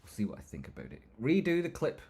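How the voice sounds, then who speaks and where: This man runs a laid-back livestream where he rambles, jokes, reads comments from viewers, and switches fast from banter to market analysis. His fairly high voice is creaky yet warm, with huge swings in pitch.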